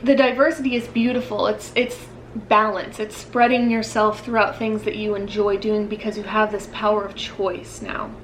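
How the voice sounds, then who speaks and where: A woman with a slightly high voice talks through a pick-a-card tarot reading. She rambles, leans on fillers and stops to find her words, yawning now and then. Faint background noise sits under the recording. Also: rough recording. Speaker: tarot reader.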